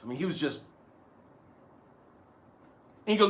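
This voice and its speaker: Man pastor, earnest and jokey storyteller, slightly high, bright tense tone. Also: expressive, brisk, pauses often. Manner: earnest, playful, with many fillers and restarts. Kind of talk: casual storytelling sermon.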